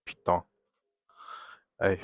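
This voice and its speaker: A man chatting casually on a live drawing stream, rambling and venting in animated bursts at a desk microphone at home. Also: very slow, no room sound, clean studio sound. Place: home, at a table.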